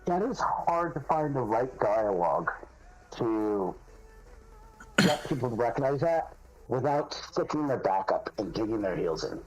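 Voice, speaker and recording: A man in casual gaming voice chat, talking earnestly about working with people, with halting restarts. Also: medium pitch, very animated, darkish tone, husky, dull audio, faint music behind. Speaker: foreman talking in game voice chat.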